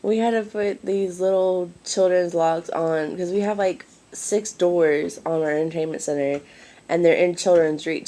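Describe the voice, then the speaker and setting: A woman's voice: fairly low pitch, a little slow, darkish tone. A woman, out of breath and wheezing, rambling apologetically in a casual home vlog. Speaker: mother vlogging. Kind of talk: casual chat to camera.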